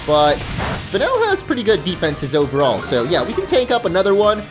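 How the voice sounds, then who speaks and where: A man hosting a let's play, giving upbeat, excitable gameplay commentary. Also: high-pitched, fairly quick, music in the background.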